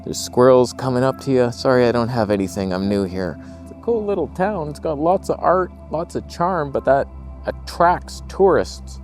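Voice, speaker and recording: A man's voice: mid-range voice, normal speed, darkish tone, faint music behind. Wry rambling man vlogging around town. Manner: wry, rambling, jokey storytelling. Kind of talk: casual vlog chat. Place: walking outdoors in a small town.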